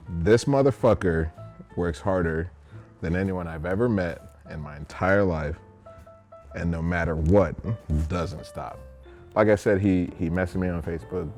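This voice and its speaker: A man's voice: low voice, a little mellow. A young man answering interview questions while drinking, rambling, profane and tipsy. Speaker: interview guest. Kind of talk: drunken casual interview.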